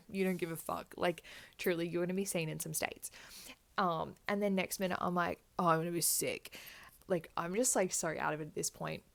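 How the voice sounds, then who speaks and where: A woman's voice: on the low side, creaky. A young woman telling her birth story in candid, chatty style, swearing freely. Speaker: vlogger. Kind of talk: casual birth story chat.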